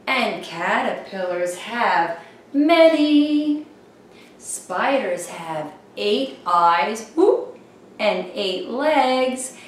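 A woman's voice: mid-range voice, lively intonation, extremely slow, very echoey, distant mic, slight background noise. A woman hosting a children's show, singing rhymes and chatting playfully with little whoops. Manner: playful, sing-song, exclaims little whoops. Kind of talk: singing and rhyming for young children.

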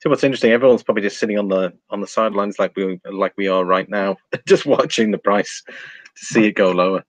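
A man hosting a relaxed live stream, reading out viewer comments and talking over charts. His voice sits fairly low, and he laughs easily between remarks. The sound is dry and close, with no room around it. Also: fast talker, no room sound. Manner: chatty, reads viewer comments aloud, laughs often, trails off.

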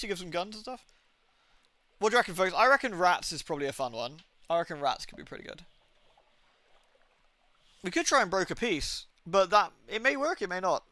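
Game streamer, a man who thinks aloud and reads narration in a fairly high, bright voice. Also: dry recording. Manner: chatty, thinking aloud, asks viewers. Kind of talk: live-stream gameplay with read-aloud narration.

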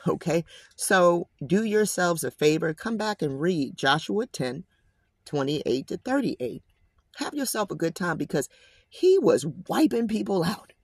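A man's voice: on the high side, slightly rough, dry recording. A man reading scripture aloud and commenting on it in a casual, emphatic way, often addressing listeners as guys. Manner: emphatic, slangy asides. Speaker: Bible commentator.

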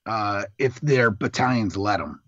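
A man's voice: fairly low pitch, animated, a little slow, a bit bright, no echo, dull audio. A middle-aged man, a Marine veteran guest, telling rambling, profane stories in casual chat.

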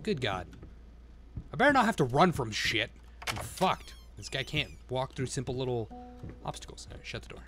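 A man's voice: medium pitch, big pitch swings, normal speed, music in the background. A man streaming himself playing a game, swearing constantly and talking to himself as he goes. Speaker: live streamer. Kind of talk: live-stream gameplay commentary.

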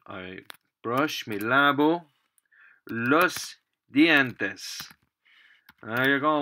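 A man's voice: medium pitch, bright, forceful tone, slight background noise. A man teaching a language lesson, explaining patiently while typing at a computer. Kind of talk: screen-recorded language lesson.

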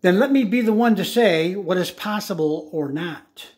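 A man reading aloud, voicing a huffy, bossy female fairy godmother in a brisk, indignant way. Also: high-pitched, lively intonation, darkish tone.

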